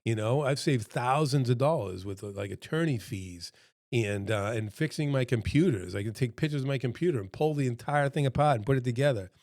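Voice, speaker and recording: A man's voice: medium pitch, brisk, darkish tone, no room sound, studio quality. A middle-aged man who runs a restaurant consultancy gives a casual talk to camera from home, chatty and earnest, with lots of fillers and quoted voices. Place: home room with a dog nearby.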